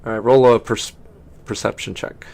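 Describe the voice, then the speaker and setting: Low-voiced man running a tabletop game. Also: steady tone, normal speed, creaky, darkish tone. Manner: rambling, self-correcting narration. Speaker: game master.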